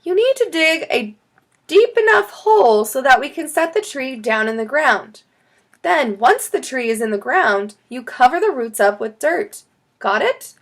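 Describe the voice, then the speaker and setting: A cheerful schoolteacher patiently explains things to her class in a bright, lively voice. A woman puts her on while reading a children's book aloud. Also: high-pitched, a little slow, pitched above the performer's own voice, full character voice. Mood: instructive. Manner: patient, instructive.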